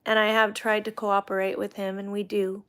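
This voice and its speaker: A woman's voice: mid-range voice, level tone, moderate pace, a bit bright, clean tone. A middle-aged woman hosting a casual livestream chat, reading viewer comments aloud and talking about her faith. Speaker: livestream host.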